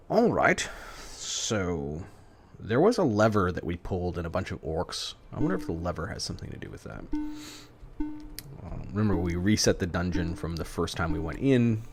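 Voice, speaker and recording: A man giving playful live commentary while playing a retro role-playing game, muttering asides to himself and sometimes dropping to a hush. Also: sits low, animated, normal speed, soft background music. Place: home streaming setup.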